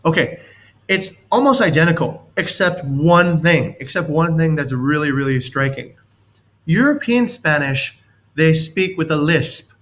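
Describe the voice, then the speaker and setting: A man's voice: a little high, animated, a little slow, a bit bright. A man leading a team session, coaching on leadership in a rambling, anecdotal way and chuckling as he explains.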